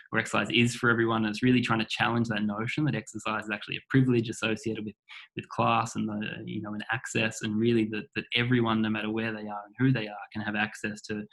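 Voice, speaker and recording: Fast, flat-voiced man presenting research. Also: lowish voice, creaky, poor audio. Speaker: researcher giving a talk. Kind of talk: online academic presentation. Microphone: video call.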